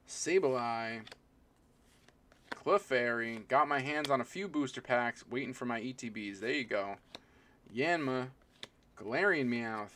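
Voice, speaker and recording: A man's voice: mid-range voice, pushed and bright, slight background noise. A man live-streaming as he opens trading card packs, chatting casually and naming each card as it comes out. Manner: chatty, rambling, calls out each card as it is pulled; talks to viewers and people in the room.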